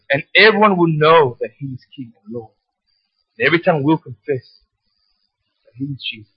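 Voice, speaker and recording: A male pastor preaching a passionate sermon, swinging from quiet earnest stretches to shouted, animated storytelling. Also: on the high side, slightly rough, no echo, lo-fi sound.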